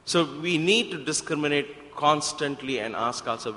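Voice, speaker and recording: A man's voice: fairly high pitch, animated, normal speed, pushed and bright. A man giving a sermon-style talk at a spiritual center, telling a parable with emphatic rhetorical questions. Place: devotional center hall. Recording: hall with long reverb.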